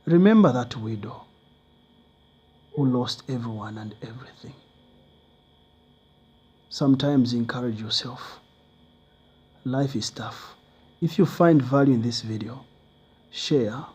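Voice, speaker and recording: Man telling a motivational story, earnest, husky voice. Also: medium pitch, slow pace, pauses often, darkish tone. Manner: earnest, simple phrasing.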